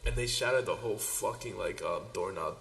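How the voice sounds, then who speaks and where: A man's voice: on the low side, brisk, vocal fry, fairly bright tone. A man co-hosting a podcast, telling a work story in a laid-back, slangy, profane way. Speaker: podcast co-host. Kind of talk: casual storytelling.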